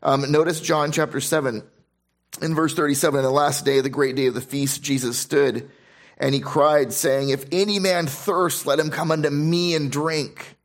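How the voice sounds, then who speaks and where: A man's voice: fairly high pitch, fairly even intonation, normal speed. A man preaching a sermon, reading scripture aloud and explaining it with emphatic repetition and frequent restarts. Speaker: pastor.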